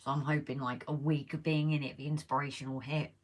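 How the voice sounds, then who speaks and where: Woman, deep voice, chatty live-stream host, losing her voice, reads viewer comments. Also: level tone, quick pace. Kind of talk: casual live stream chat while modelling. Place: indoors at a model railway layout.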